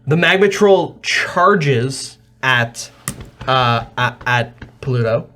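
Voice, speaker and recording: A man's voice: medium pitch, animated, extremely slow, sharp tone, slight background noise. A man narrating as game master, methodically calling out rolls and damage.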